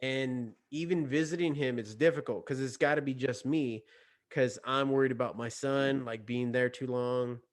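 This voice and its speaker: A man's voice: mid-range voice, fairly even intonation, normal speed. A man hosts a podcast conversation and shares candid personal stories. He speaks in a reflective, earnest way. He often stops and restarts his sentences as he thinks. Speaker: podcast host.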